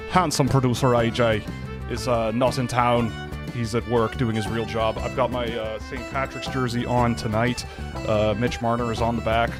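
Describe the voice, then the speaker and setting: A man hosting a live hockey scouting stream, chatting casually in a relaxed, rambling way with many fillers. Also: medium pitch. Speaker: hockey scouting show host.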